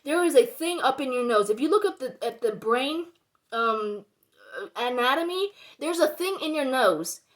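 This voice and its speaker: A woman ranting to camera in a heated, rambling way, dropping quiet and then growing loud and worked up. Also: high voice. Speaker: vlogger. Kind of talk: heated personal rant to camera.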